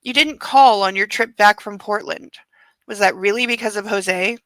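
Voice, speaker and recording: A woman reading the lines of an earnest, reproachful young female lover in a soft, hushed voice that sometimes drops to a near-whisper. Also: mid-range voice, moderate pace, no echo, close to an everyday voice, rough recording.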